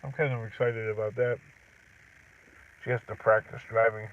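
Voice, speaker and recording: A middle-aged man chatting casually on a livestream, rambling, clearing his throat and chuckling as he talks from his truck. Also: fairly low pitch, flat delivery, moderate pace, far from the mic. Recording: tinny phone-like audio from off-mic.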